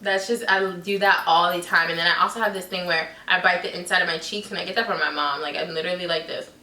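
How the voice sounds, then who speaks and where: A young woman chatting loudly and playfully in a casual vlog. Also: lowish voice, steady tone, fast talker, recorded from a distance. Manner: loud, goofy and chatty. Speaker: vlogger. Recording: echoey room, off the mic.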